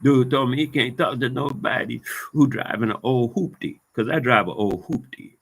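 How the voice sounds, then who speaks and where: A man's voice: mid-range voice, moderate pace, gravelly, fairly bright tone. A man delivering a heated, profane monologue as a vlogger, circling back over the same points in loose street talk. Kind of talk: ranting monologue to camera.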